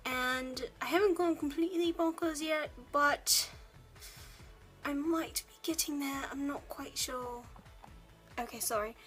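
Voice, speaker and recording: A woman's voice: high-pitched, a bit bright, poor audio. A young woman from the United States, a college student chatting casually to camera in a put-on British accent, rambling with lots of ums. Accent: put-on British English. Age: young adult.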